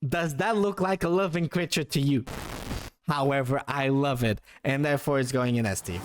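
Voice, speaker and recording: A man's voice: a little high, moderate pace. A young man giving playful, casual commentary as he ranks names, laughing often and swearing now and then. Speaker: YouTuber ranking names.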